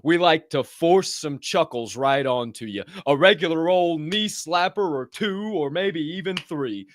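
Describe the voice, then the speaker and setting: A man hosting a morning show, his pitch leaping all over the place as he hypes up his listeners. He is playful and goofy, dropping into hushed asides and then bursting out loud again. The sound is dry and close, with no room around the voice. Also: expressive, measured pace, no echo. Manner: playful, hyped, sips coffee between lines. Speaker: podcast host. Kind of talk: energetic morning show monologue.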